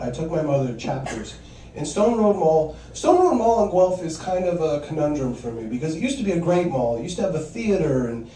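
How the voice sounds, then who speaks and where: A man's voice: a little high, dark tone, roomy sound, distant mic, a little hiss or hum, low-quality recording. A man performing a stand-up comedy set, telling wry stories and acting out quoted voices.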